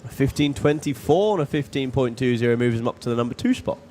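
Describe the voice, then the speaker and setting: A man commentating live at a drag race from the tower, upbeat and quick to giggle. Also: medium pitch, animated, darkish tone, slight background noise.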